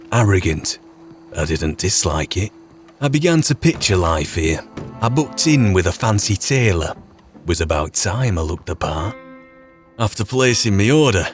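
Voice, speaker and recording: Yorkshire man, lowish voice, lively crude game narration, faint music under it. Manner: crude, laddish storytelling. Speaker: gamer narrating his role-play character. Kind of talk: voice-over narration of a game role-play.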